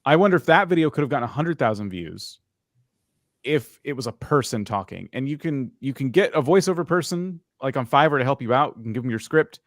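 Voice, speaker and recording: A man's voice: mid-range voice, animated, fairly quick, no echo. Male host, casual frank reviewer, mid voice, dry close sound. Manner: casual, frank, thinking aloud. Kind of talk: live channel review chat.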